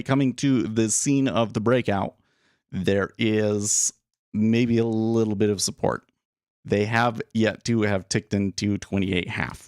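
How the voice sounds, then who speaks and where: A man's voice: fairly low pitch, a little mellow, no echo, studio quality. A man hosting a live day trading stream, thinking aloud and rambling in a casual, self-deprecating way. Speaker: day trading livestream host. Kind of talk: live market commentary.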